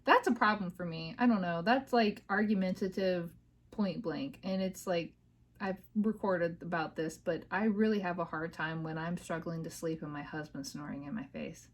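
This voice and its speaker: A woman with a rather low voice talks at normal speed while hosting her podcast from a home office. The chat is casual and personal, rambling venting packed with fillers.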